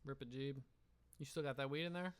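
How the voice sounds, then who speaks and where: A man's voice: medium pitch, a little fast, smooth, no echo. A young man co-hosting a podcast in crude, rambling, laid-back chat. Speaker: podcast co-host. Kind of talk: casual chat.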